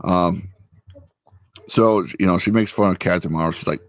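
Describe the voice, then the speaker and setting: A man's voice: sits low, moderate pace, no echo. A man chatting casually at his computer, rambling through a recap with lots of fillers. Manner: rambling recap with many fillers and acted quotes. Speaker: vlogger recapping a TV episode. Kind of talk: casual chat. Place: at a computer with a friend.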